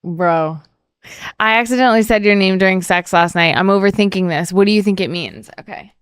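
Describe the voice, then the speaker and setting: A woman chatting as a podcast guest during a party game, giggly and swearing freely, jumping to excited squeals. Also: mid-range voice, brisk, smooth, no room sound, clean studio sound. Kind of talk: casual chat, party game.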